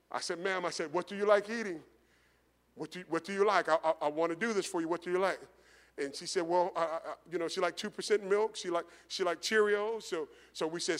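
Middle-aged pastor guy preaching, kinda high voice, repeats himself a lot, big echoey church hall. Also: fast, fairly bright tone. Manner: conversational preaching, repeats phrases, builds to rising intensity. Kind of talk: sermon storytelling. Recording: long hall reverb.

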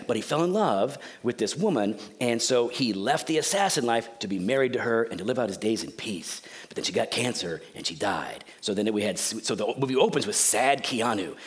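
Male preacher, kinda high voice, swings all over, jokey storytelling. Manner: animated, joking, conversational storytelling. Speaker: pastor. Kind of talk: sermon.

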